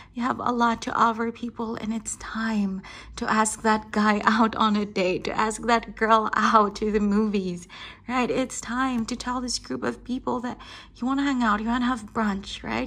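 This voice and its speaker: Reassuring woman tarot reader, higher voice. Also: fairly bright tone. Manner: affectionate, keeps saying darling and right; reassuring, laughs often. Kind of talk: tarot reading addressed to the viewer.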